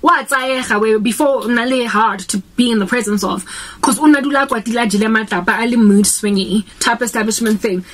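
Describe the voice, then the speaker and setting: A woman's voice: a little high, brisk. A young South African woman with a South African accent, preaching earnestly in a casual vlog and switching between English and Sesotho as she talks. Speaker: Christian vlogger.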